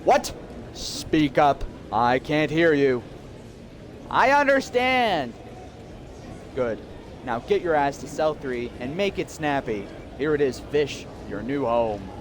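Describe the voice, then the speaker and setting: A man voicing a gruff, stern prison captain who barks slow, commanding orders in a video game. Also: mid-range voice, background noise, close to an everyday voice. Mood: barking orders. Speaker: game character.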